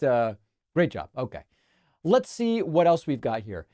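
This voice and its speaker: A man's voice: medium pitch, measured pace, dry recording, clean studio sound. A male host from Argentina, chatting wryly on a livestream and reading out viewer messages. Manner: wry, chatty, animated asides.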